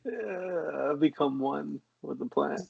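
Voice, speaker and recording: A man's voice: a little high, expressive, slow, vocal fry, slightly rough, lo-fi sound. A laid-back man on a podcast, teasing his friends in casual chat. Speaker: podcast co-host.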